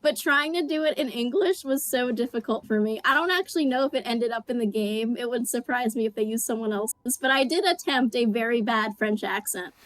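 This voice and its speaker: A woman's voice: a little high, a little fast, hardly any pauses, fairly bright tone, no echo. A woman voice actor on a panel sheepishly recalling a recording session she struggled with. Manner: sheepish, laughing at herself. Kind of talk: casual panel discussion.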